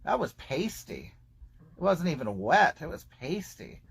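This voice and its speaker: A man's voice: a little high, very animated, a little slow, gravelly, a bit bright, breathy edge. A man in his fifties hosting a livestream in a campy, gossipy way, greeting viewers and telling crude jokes. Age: 50s. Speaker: livestream host. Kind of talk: casual livestream chat reading viewer comments.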